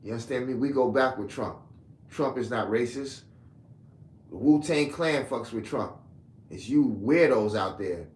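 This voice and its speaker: In an echoey room with faint background ambience, a medium-pitched man from Brooklyn, New York, lashes out at his commenters. He speaks a little slowly with lively intonation, and the rant is confrontational, heated and repetitive.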